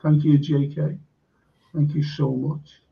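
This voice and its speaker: A man's voice: a little high, flat delivery, slow pace, creaky. A man hosting a live stream, reading viewer comments aloud and chatting casually with fillers. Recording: dull lo-fi stream audio.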